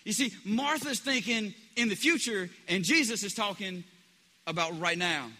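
A man's voice: high-pitched, moderate pace, sharp tone. A man preaching a sermon in a conversational way, often restarting his sentences and acting out the people he quotes. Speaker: pastor. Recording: preached in a reverberant hall.

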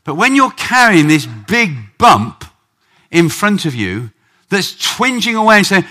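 A man preaching a sermon in church, animated, acting out prayers with big swings in pitch and loudness. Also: a little slow.

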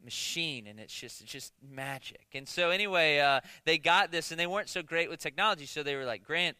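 A man's voice: a little high, fairly quick, pushed and bright, clear, resonant tone, dry recording. A man preaching a conversational sermon as pastor, joking with the congregation, stumbling into restarts and often asking "right?". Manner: conversational, jokey, many restarts and rhetorical "right?".

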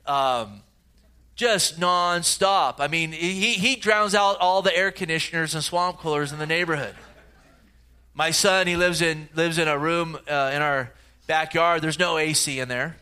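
A middle-aged man preaching a sermon with a bright, forward tone and a voice pitched a little high. He talks in a loose, conversational way, telling stories with plenty of fillers and restarts. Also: measured pace, clean tone. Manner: conversational, anecdotal storytelling with frequent fillers. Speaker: pastor.

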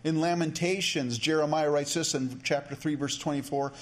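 A male pastor preaching a sermon in a relaxed, conversational way, with frequent restarts and asides. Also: fairly high pitch, normal speed.

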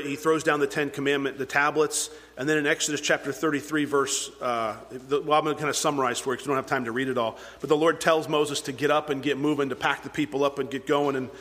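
In a medium-pitched, fairly bright voice, a pastor retells scripture to a congregation, earnest and conversational like a storyteller. It's recorded in a church hall with long hall reverb.

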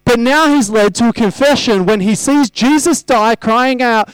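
High-voiced man preaching a sermon. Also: moderate pace, hardly any pauses, clean tone, no room sound, rough recording. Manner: conversational, asks the congregation rhetorical questions.

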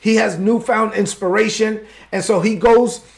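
A man's voice: sits high, steady tone, measured pace, vocal fry. A man preaching a sermon as pastor, fervent and openly emotional.

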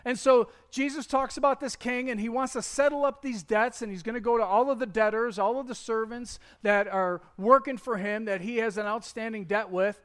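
High-voiced man preaching casually. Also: moderate pace, hardly any pauses, clear, resonant tone. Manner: casual, animated storytelling, joking asides. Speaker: pastor. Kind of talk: conversational sermon.

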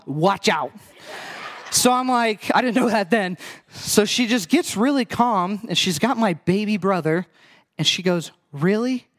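A young man with a notably high voice delivers a sermon built around a personal story. He acts out the scenes, throws quick asides to the listeners and keeps the telling lively. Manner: animated storytelling, acting out past scenes, quick asides to the audience. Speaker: preacher.

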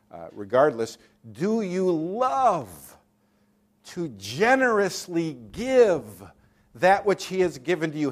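A man preaching a sermon, emphatic, asking the congregation rhetorical questions and mocking attitudes in quoted voices. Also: medium pitch.

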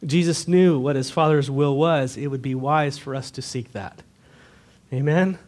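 A man's voice: mid-range voice, measured pace, darkish tone. A man preaching a sermon to his church, earnest and direct, asking the congregation rhetorical questions. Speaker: pastor.

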